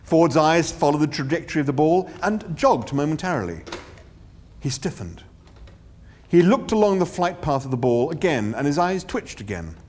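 A man narrating an audiobook with wry, theatrical comic timing. His somewhat high voice swoops and dips animatedly. He leans into the humour of every line. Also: very animated, moderate pace, darkish tone, slight background noise.

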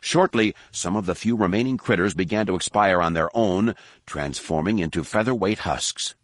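Male audiobook narrator, measured and steady, low register, dry booth sound. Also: no room sound. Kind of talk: scripted narration.

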